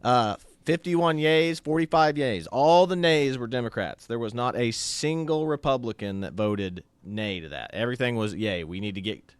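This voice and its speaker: Male co-host, mid pitch, smooth resonant voice, dry sound, presents posts casually. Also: animated, normal speed, few pauses, no room sound. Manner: walks through posts on screen, casual. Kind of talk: casual political chat.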